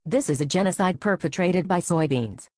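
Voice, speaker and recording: A woman's voice: on the low side, normal speed, a little mellow, dry recording, studio quality, natural voice. A woman voicing a solemn, mournful male vegetable messiah in a satirical story.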